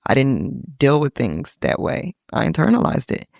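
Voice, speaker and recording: A woman's voice: rumbling low, big pitch swings, normal speed, vocal fry, darkish tone, no room sound, clean studio sound. A middle-aged woman hosting a podcast, reflectively telling a personal story and quoting her family in little voices. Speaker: podcast host.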